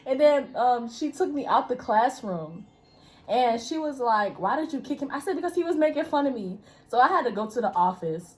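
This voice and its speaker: A young woman with a high voice tells a school story in casual chat. She talks bluntly and swears freely, and she acts out the other people's lines as she goes. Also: moderate pace. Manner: blunt, profane, animated storyteller.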